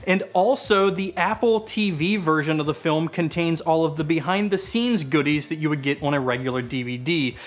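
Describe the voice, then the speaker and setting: A man speaks as the host of an interview channel, wrapping up with a clear, promotional read. His voice sits high for a man. The delivery is tidy and scripted. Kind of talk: scripted show outro.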